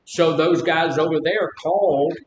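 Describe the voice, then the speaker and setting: An unhurried male addiction counselor leads a casual recovery group talk in an echoey room with a faint rumble. He's conversational, asks the group questions and shares funny personal stories.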